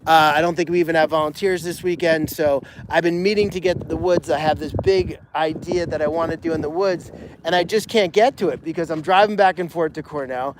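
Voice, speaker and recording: A man with a notably high voice talks loosely and at length, circling back with restarts and fillers as he goes. There is a faint hiss of noise under his voice. He sounds like an animal sanctuary owner chatting live from the farm. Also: fairly even intonation, fairly quick. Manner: rambling, frequent restarts and "you know" fillers. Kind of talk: casual rambling live-stream chat.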